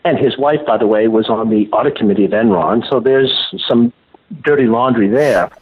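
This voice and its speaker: A man's voice: mid-range voice, moderate pace, slightly rough. Man talking over a tinny phone line. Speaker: guest, former banker and whistleblower. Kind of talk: interview answers, storytelling.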